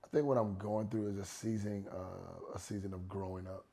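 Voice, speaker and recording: A man in his forties, a worship leader talking casually on a podcast couch, relaxed and slangy, repeating his advice for emphasis. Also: sits low, a little fast, creaky, breathy edge. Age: 40s. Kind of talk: casual chat.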